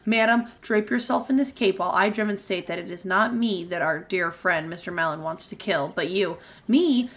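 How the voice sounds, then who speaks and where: A charming, mischievous highwayman from a romance novel, as a woman reads him aloud. His lines come in a plain, mid-pitched reading voice, sometimes hurried, sometimes drawn out. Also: lightly acted. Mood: roguish. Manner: read aloud from a book.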